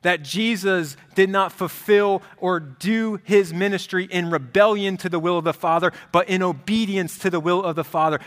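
A man preaching a sermon as pastor, in a conversational, animated style. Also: high voice, moderate pace, hardly any pauses. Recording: reverberant hall.

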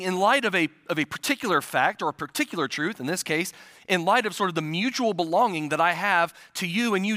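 Male pastor in his forties giving a chatty sermon; long church-hall reverb on the voice. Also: high voice. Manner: conversational, warm humor with many restarts. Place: church sanctuary.

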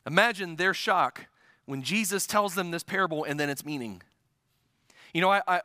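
High bright-voiced male pastor preaching. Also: no echo. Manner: earnest, emphatic with many restarts. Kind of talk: sermon.

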